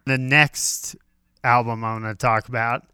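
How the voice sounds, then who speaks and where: A man's voice: mid-range voice, little pitch movement, unhurried, bright, forceful tone, smooth, no echo, clean studio sound. A man co-hosting a podcast, chatting casually and enthusiastically about music, joking about himself. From Colorado. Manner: enthusiastic, joking, self-deprecating. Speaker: podcast co-host.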